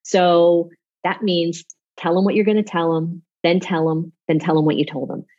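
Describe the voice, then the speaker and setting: A woman speaking as a public speaking coach in an off-the-cuff interview, animated and demonstrating with her voice. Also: fairly low pitch, normal speed, muffled recording.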